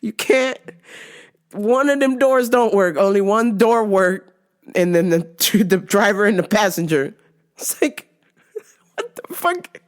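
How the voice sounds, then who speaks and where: A woman host telling a story in a profane, animated rant and laughing often. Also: mid-range voice, slow pace, long pauses. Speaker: podcast host.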